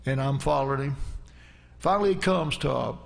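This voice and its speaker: Brief: preacher, middle-aged, gravelly voice, rambling folksy anecdotes from the pulpit. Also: male voice, mid-range voice, brisk. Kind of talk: storytelling sermon.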